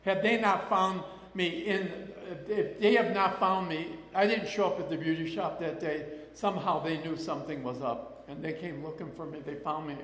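An older man with a somewhat high voice tells a rambling personal testimony, circling back and acting out remembered voices. The sound is roomy, with a long reverb trailing each phrase. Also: fairly bright tone. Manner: rambling, with many restarts and acted-out quotes. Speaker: person sharing a recovery story. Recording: echoey hall with long reverb.

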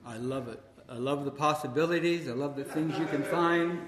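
A man's voice: fairly high pitch, normal speed. Rambling man telling a story in an echoey hall. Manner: rambling, conversational, heavy with fillers like "you know" and "man". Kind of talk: live personal storytelling monologue. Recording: echoey hall with faint noise.

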